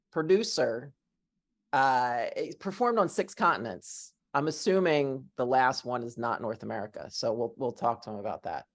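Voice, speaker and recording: A woman hosting a podcast in casual chat, with a dry, deadpan sense of humor. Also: very deep voice. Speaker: podcast host.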